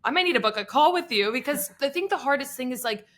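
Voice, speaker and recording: A woman's voice: high-pitched, expressive, fast, fairly bright tone. A young woman co-hosting a podcast, chatting casually with lots of filler words. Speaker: podcast co-host. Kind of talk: casual chat.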